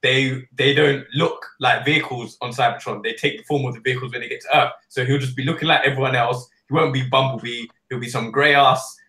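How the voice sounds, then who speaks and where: A man's voice: mid-range voice, fairly even intonation, a little fast, hardly any pauses, pushed and bright, reverberant, far from the mic, rough recording. A man co-hosting a geek podcast, ranting sarcastically in casual chat. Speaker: podcast co-host.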